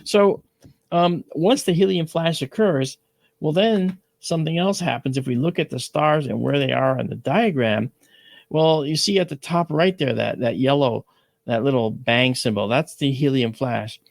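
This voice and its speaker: Gravelly guy explaining star stuff, casual, keeps asking "all right?", dry close sound. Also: medium pitch, moderate pace, dry recording. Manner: explains with analogies, frequent "all right?" check-ins. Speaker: astronomy show host. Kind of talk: casual educational talk.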